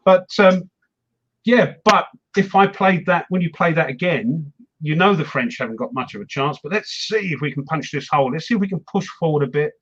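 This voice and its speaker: A man's voice: on the high side, brisk, fairly bright tone, husky, lo-fi sound. A man hosting a wargaming chat show, rambling and self-mocking as he talks through his games. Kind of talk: casual chat.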